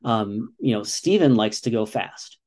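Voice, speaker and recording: Mellow-voiced American man in his forties. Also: lowish voice, lively intonation, a little slow. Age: 40s. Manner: earnest, explaining with repeated "you know". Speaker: guest, father and runner. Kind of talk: casual interview talk.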